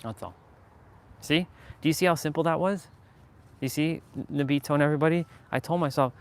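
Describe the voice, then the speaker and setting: A man's voice: on the high side, a little fast, long pauses. A man hosting a casual motivational live stream, talking earnestly and rambling with lots of fillers and laughs.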